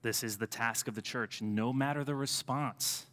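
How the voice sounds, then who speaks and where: Bright, forceful American priest preaching. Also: male voice, mid-range voice, moderate pace. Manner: animated storytelling with emphatic swings in loudness. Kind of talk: sermon. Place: church sanctuary. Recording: long church reverb.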